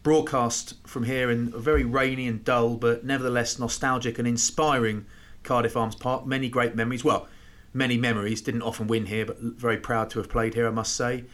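Man in his forties, podcast co-host, animated anecdotes, casual chat, laughing. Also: mid-range voice, brisk. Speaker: podcast co-host, former rugby player. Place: at a rugby stadium.

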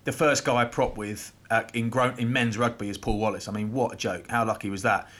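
Animated storytelling man. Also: fairly low pitch, brisk. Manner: animated anecdotes, laughing. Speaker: podcast co-host, former rugby player. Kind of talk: casual storytelling chat. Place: at a rugby stadium.

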